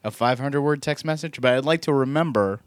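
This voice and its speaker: A man's voice: medium pitch, a little fast, no room sound, clean studio sound. A man in his forties, a stand-up comic, telling a long personal story in casual chat. He rambles and mocks himself, with plenty of "like" and "uh". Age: 40s. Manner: rambling, self-deprecating, lots of "like" and "uh". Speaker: stand-up comedian guest.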